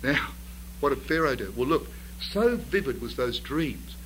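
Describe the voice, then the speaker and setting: A man's voice: medium pitch, animated, unhurried, fairly bright tone, slight background noise, poor audio. A man preaching a sermon to a congregation. He tells the story vividly, asks rhetorical questions and builds to emphatic bursts.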